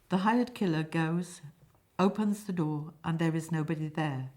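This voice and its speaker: A woman reading a comic stage play aloud, giving the stage directions in a low, flat aside. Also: normal speed. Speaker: play reader.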